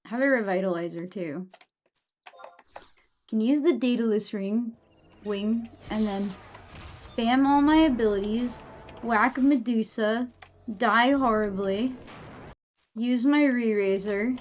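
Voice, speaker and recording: A woman's voice: on the high side, slow, pauses often. Sleepy young woman streamer, swearing casually. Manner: casual, swears often, chats to viewers. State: sleepy, yawning. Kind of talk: casual live-stream chat while gaming.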